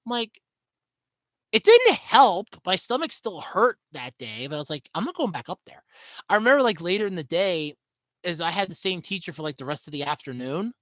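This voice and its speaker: A woman's voice: fairly low pitch, big pitch swings, moderate pace, fairly bright tone, dry recording, rough recording. A woman hosting a solo podcast from home, telling a story in a chatty, sarcastic way. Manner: chatty and sarcastic, with swooping emphasis. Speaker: podcast host.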